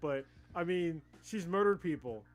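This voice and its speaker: A man co-hosting a livestream, chatting casually about anime with excitable, profane energy and frequent laughter. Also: on the high side, a little slow, faint music behind. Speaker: livestream co-host.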